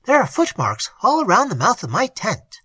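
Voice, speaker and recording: A narrator voicing an eager, excited young man in a classic storybook reading. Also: medium pitch, normal speed, slightly rough, no echo, voice pushed up, heavily acted.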